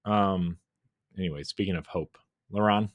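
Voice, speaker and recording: Deep-voiced joking male podcast host. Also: normal speed, no room sound, muffled recording. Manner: joking and teasing, often laughing. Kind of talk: casual chat.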